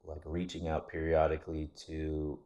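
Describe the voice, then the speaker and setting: A man's voice: a bass voice, monotone, normal speed, warm tone. A man talking in a casual vlog monologue, rambling and candid, with frequent restarts and casual swearing. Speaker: vlogger.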